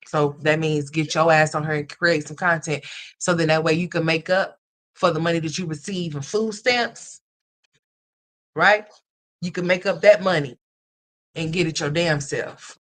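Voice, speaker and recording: The host speaks to the livestream chat in a loose, casual way, with a middle-pitched, fairly bright voice, steady tone and moderate pace. The mood swings from blunt and profane to tender and emotional, with affectionate names like honey and sweetheart for viewers.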